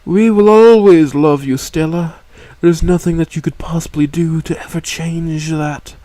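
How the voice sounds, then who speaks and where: A man's voice: fairly high pitch, steady tone, warm tone, no echo, pitched above the performer's own voice, close to an everyday voice. A man doing a cooing stegosaurus mom. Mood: soothing. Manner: slow, cooing. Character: loving stegosaurus mother, soothing.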